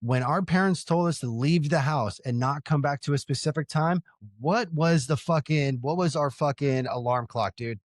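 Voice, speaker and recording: A man in his thirties from Southern California, co-hosting a casual podcast with profane, emphatic storytelling that turns soft and slow when he gets sincere. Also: a little high, dry recording, studio quality. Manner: softens and slows when sincere. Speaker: podcast co-host. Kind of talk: casual chat.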